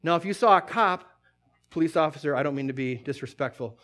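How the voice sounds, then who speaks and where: A man's voice: fairly high pitch, fast talker. A man preaching a sermon, quoting scripture and acting out little scenes as he goes. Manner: animated storytelling, acts out scenes, quotes scripture.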